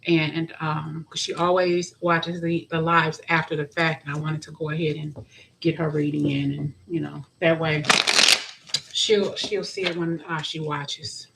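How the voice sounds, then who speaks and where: Lower-voiced woman hosting a live stream. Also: flat delivery, a little slow, gravelly, a bit bright, slight background noise, rough recording. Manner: chatty, greets viewers by name, frequent restarts. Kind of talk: casual live-stream chat.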